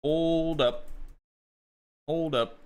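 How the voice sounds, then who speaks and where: A man's voice: fairly high pitch, steady tone, drawn-out words, a little mellow, clean tone. A man casually commenting on his game during a live stream, rambling and answering chat questions.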